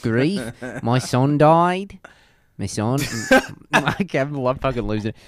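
Brief: deadpan woman stand-up with an Australian accent, put on by a man, lively pitch, dry sound. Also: takes it slowly, no room sound.

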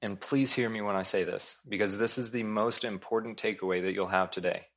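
Earnest low-voiced male pastor preaching. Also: steady tone, a little fast, a bit bright. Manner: earnest, emphatic, repeats key points. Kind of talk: sermon.

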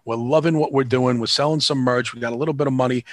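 A man's voice: mid-range voice, fairly even intonation, fast, no room sound, studio quality. A man, telling stories in a casual interview in a rambling, frank and profane way, acting out the people he quotes. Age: 50s. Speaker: band manager and promoter.

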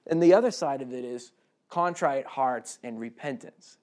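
A man's voice: mid-range voice, normal speed, a little mellow. A man preaching a conversational sermon, chatty and self-deprecating, with humorous asides.

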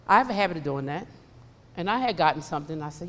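A woman's voice: fairly low pitch, sing-song, fast talker, fairly bright tone. A woman preacher delivering a sermon, emphatic and repetitive, acting out the voices she quotes. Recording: long hall reverb.

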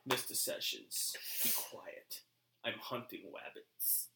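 A hushed, lisping cartoon rabbit hunter creeps along, as a man puts him on. The voice is bright and half-whispered, with a roomy echo behind it. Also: slow pace, a little hiss or hum.

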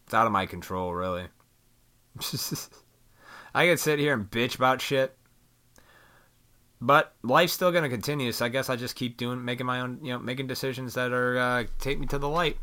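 A man rambling in a casual venting monologue to his viewers, swearing freely and animated. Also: mid-range voice, normal speed, long pauses, clean tone. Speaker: vlogger.

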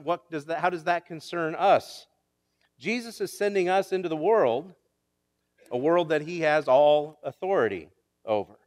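Man preaching in a reverberant hall. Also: a little high. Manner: preaching with rising emphasis and repetition. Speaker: pastor. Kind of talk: sermon.

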